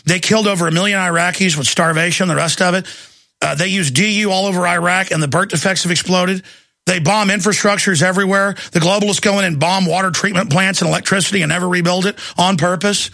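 Gravelly, fiery ranting man. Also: high voice, fairly even intonation, fast talker, no room sound. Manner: ranting, fiery delivery with bursts of shouting. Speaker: talk show host. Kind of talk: heated monologue.

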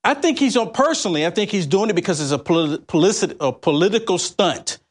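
A man hosting a political talk show, animated and stumbling over words as he talks. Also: high voice, fast talker. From California. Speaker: host.

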